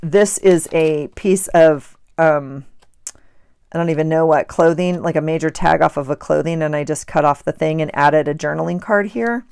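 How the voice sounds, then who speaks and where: A middle-aged woman talks casually as she crafts, rambling and amused at herself. Her voice sits a little low with a gravelly edge, and the sound is close and dry. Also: normal speed, darkish tone, no room sound. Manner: chatty, rambling, self-amused. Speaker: journaling vlogger. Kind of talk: casual chat while crafting.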